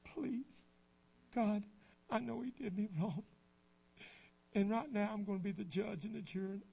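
A man acting out a remorseful teenage boy, praying aloud at the altar in a loud, pleading, fervent way. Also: sits high, unhurried, gravelly, slightly rough, voice pushed up, exaggerated voice.

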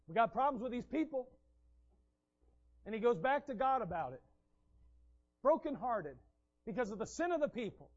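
A man preaching a sermon, telling the scriptural stories in an animated way and acting out the scenes. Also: sits high, muffled recording.

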